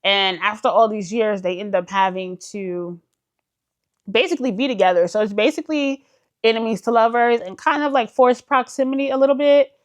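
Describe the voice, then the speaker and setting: A book vlogger with a fairly high voice talks at normal speed in a casual, chatty way. She is enthusiastic, calls her viewers "y'all," and fills her speech with words like "like."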